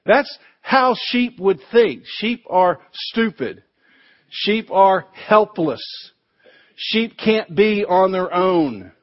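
Guy preaching, chatty and storytelling, kinda high voice, dry dull recording. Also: expressive, very slow, no room sound. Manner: conversational storytelling with humor. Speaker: pastor. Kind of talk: sermon.

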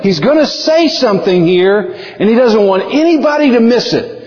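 A male pastor preaching a sermon in an emphatic, animated way. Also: sits high, normal speed. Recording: dull lo-fi audio with long hall reverb.

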